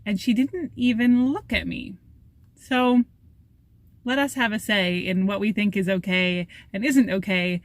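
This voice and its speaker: A woman's voice: medium pitch, fairly even intonation, unhurried, no room sound. Chatty woman vlogging on the go. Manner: chatty, upbeat, laughs often. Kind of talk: casual travel vlog. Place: outdoors and in a cabin. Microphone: handheld camera, self-filming.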